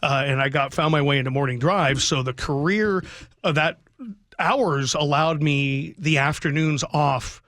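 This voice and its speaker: A man's voice: on the high side, unhurried, fairly bright tone, no echo. A middle-aged man, a radio sports broadcaster, talking heartfelt and rambling about his son in a radio interview, choking up at times.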